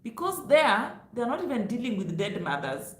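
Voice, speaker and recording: A woman giving advice to camera in a loud, emphatic, lecturing way, laughing now and then as she talks to her viewers. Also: on the high side, big pitch swings, moderate pace, reverberant. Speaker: travel vlogger. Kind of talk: direct-to-camera advice vlog.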